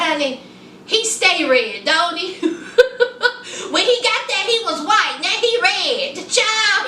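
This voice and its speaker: Sassy, high-voiced woman recapping reality TV. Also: roomy sound, far from the mic, a little hiss or hum. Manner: chatty, sassy, animated storytelling. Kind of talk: casual recap commentary.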